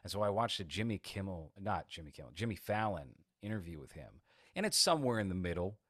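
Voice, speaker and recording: A man's voice: sits low, sing-song, fast, a bit bright, slightly rough, no room sound, clean studio sound. A man co-hosting a podcast in casual chat, sarcastic and provocative. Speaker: podcast co-host.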